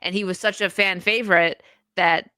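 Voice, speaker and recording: A woman hosts a casual podcast chat, telling stories in an animated way and laughing often. Her voice is bright and sharp. The recording is close and dry. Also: fairly low pitch, normal speed, clean tone, no echo. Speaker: host.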